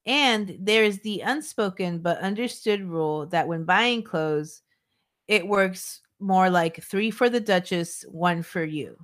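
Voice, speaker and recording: A woman's voice: on the low side, slow pace. A woman co-hosting a true-crime podcast, reading her notes with chatty asides. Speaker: podcast co-host narrating a case.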